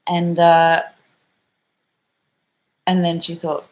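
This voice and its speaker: A middle-aged Australian woman tells a rambling story for her vlog, speaking low and unhurriedly on a muffled recording. She's chatty, with lots of slang and the occasional swear word.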